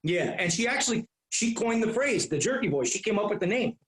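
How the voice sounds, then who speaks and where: Middle-aged male podcast guest, high-pitched, lively storyteller, roomy echo. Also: brisk. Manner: animated, profane, repeats himself. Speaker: guest, comedian. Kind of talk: casual storytelling.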